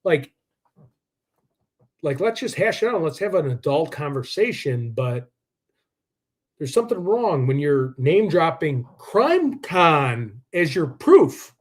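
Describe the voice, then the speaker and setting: A man's voice: fairly high pitch, big pitch swings, slow pace. A man hosting a live true-crime stream, rambling and combative, with lots of filler words. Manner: rambling, combative, heavy use of "like".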